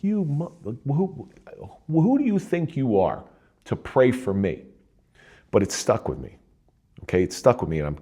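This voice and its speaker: A middle-aged man from New Jersey, a retired police officer, telling his personal story in an earnest, conversational way as an interview guest. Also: mellow. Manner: earnest, conversational, with frequent restarts and emotional pitch swings.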